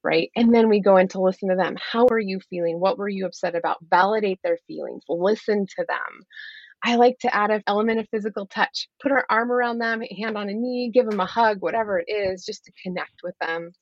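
A woman's voice: medium pitch, brisk, dry recording, dull audio. A middle-aged woman who coaches parents, speaking openly and earnestly in a podcast interview, explaining with light laughs.

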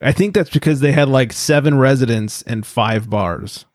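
A man's voice: medium pitch, normal speed, dry recording, clean studio sound. A man hosting a casual beer podcast, joking around and reading out short news stories. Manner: jokey, reads news stories aloud. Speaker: podcast host. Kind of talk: casual chat.

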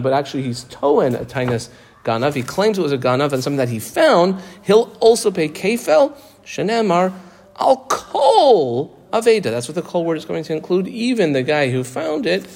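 A man's voice: fairly high pitch, a little mellow. A man giving a Talmud class lecture, reading the text and explaining it conversationally with playful everyday examples. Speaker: Talmud teacher.

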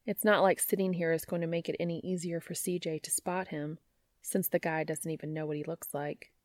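A woman narrating a story aloud in a wry, even reading voice, close to the mic. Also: sits low, brisk, no room sound. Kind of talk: fan fiction audiobook reading.

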